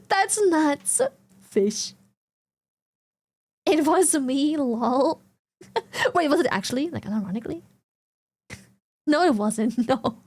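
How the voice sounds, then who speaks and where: A young woman streamer from Germany or the Netherlands, chatting casually with viewers, giggling often and swearing freely. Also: high-pitched. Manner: giggly, swears freely, reads chat aloud.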